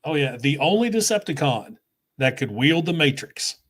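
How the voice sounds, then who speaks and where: A man's voice: on the high side, sing-song, moderate pace, background noise. Enthusiastic man explaining toys. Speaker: toy reviewer and host. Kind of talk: casual live chat.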